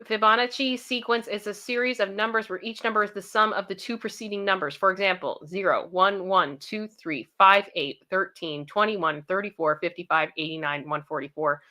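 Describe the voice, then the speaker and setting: A woman's voice: medium pitch, normal speed, few pauses, pushed and bright. A young woman hosting a casual livestream, chatty and repeating herself as she thanks viewers by name. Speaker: livestream host.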